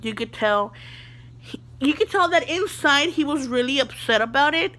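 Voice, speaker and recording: Young woman, vlogger, animated storytime, high voice, bright tone. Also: normal speed.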